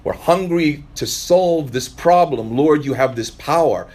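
A man's voice: fairly high pitch, measured pace, darkish tone. A man preaching a sermon in a conversational way, now and then acting out the voices of the people he quotes. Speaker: pastor.

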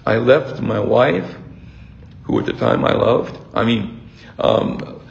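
An older man gives a sermon in a slow, unhurried voice that is heavily gravelly. He preaches reflectively and stops often to restart his words. The recording is dull and roomy. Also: medium pitch. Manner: reflective, halting with repeated restarts. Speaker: priest.

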